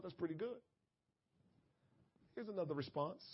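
A man preaching a sermon as pastor, moving between quiet, conversational asides and loud, tearful, shouted prayers. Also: sits high, animated, normal speed, pauses often, husky. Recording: dull lo-fi church audio.

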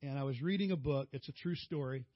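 A male preacher telling personal stories in a folksy, animated sermon. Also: mid-range voice, fast, dry recording, lo-fi sound.

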